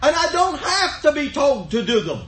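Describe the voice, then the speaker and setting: Fervent folksy preacher, high voice. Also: male voice, big pitch swings, normal speed, a bit bright, reverberant, a little hiss or hum, rough recording. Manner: folksy storytelling, rising to fervent emphasis. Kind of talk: sermon.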